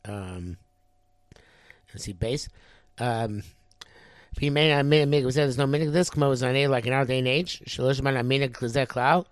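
A man teaching a religious text, reading phrases and translating them into many pauses and fillers. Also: medium pitch, no room sound. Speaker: Torah teacher.

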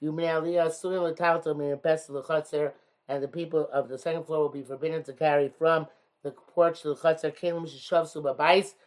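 A man teaching a religious text, reading phrases aloud and explaining each one in English, with many pauses and "uh"s. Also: fairly high pitch, level tone. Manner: reads Hebrew-Aramaic phrases then explains in English, many hesitations. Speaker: Talmud teacher. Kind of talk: text study lesson, reading and translating.

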